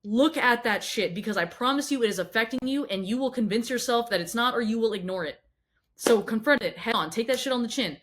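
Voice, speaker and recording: Fast-talking blunt woman fitness coach. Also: on the high side, a bit bright. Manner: blunt, swears freely, repeats words; asks rapid questions straight at the listener. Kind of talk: motivational monologue to camera.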